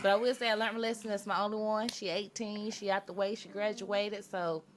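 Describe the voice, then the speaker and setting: A woman in her thirties co-hosting a podcast, chatting casually with quick, wry asides. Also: medium pitch, flat delivery. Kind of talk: casual chat. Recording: faint background noise.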